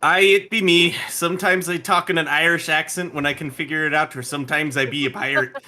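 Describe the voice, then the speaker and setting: A man playing in a tabletop game, excitable and jokey in casual chat. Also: a little high, fast talker. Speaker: player.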